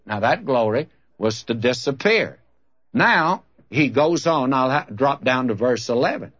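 A preacher delivering a sermon, his husky voice rising and falling in an animated way as he moves between stories and scripture. The sound is dull and lo-fi, like an old tape of a church talk. His manner stays earnest and conversational throughout. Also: mid-range voice, a little slow. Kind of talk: sermon with storytelling and scripture reading. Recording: dull lo-fi recording.

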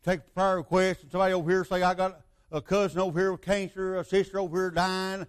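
An older man delivers a sermon in a fairly high voice. He tells the story loosely, full of asides and rhetorical questions put to his listeners. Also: little pitch movement, quick pace. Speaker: preacher.

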